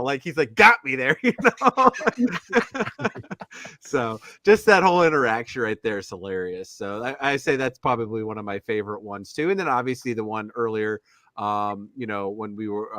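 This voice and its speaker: A man's voice: medium pitch, fairly bright tone, no room sound, clean studio sound. A man as a podcast guest, laid-back and chuckling, with many fillers. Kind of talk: casual group chat.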